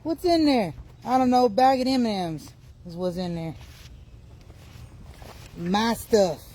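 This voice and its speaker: A woman hosting a casual livestream outdoors by her car. She talks in an animated way, often laughs and chats to her viewers over a phone. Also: mid-range voice, slow pace. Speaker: livestream host.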